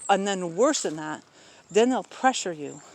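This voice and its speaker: A man's voice: sits high, lively intonation, measured pace. A man talks candidly about his own life in a loose, rambling way, filling gaps with ums and cutting in with blunt asides. He sits outdoors in a rural spot, where faint crickets and outdoor noise sound behind him. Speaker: vlogger talking about personal life. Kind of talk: casual personal talk.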